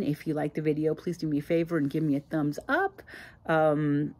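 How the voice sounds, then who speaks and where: A woman's voice: low voice, little pitch movement, normal speed, warm tone. A woman in her sixties, hosting her own channel, telling a personal story in a plainspoken, reflective way with frequent fillers. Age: 60s. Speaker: channel host.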